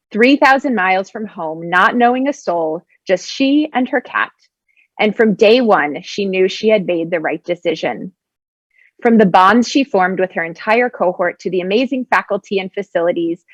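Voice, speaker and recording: A woman reading a prepared tribute in a measured, steady way. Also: medium pitch, no room sound. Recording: dry, slightly dull lo-fi audio.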